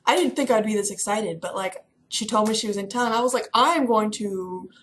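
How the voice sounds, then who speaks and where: A young woman from Kentucky chatting casually to camera in a vlog, excitable and rambling. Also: medium pitch, fast, slight background noise. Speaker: vlogger. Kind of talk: casual chat.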